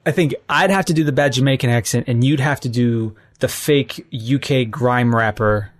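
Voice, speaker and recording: A man co-hosting a podcast in casual banter, talking eagerly in quick bursts. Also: mid-range voice. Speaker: podcast co-host.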